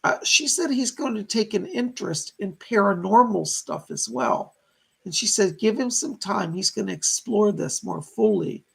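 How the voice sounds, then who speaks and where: A man hosting a live psychic reading stream, thanking viewers and passing on messages from spirits in a chatty, animated way. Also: high-pitched, normal speed, vocal fry, husky. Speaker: psychic medium host.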